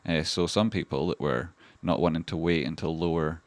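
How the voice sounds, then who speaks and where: Sweary deep-voiced Scottish man. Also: fairly even intonation, normal speed, dry recording. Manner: heavy swearing, rambling and chatty. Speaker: livestream host. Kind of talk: casual livestream chart commentary.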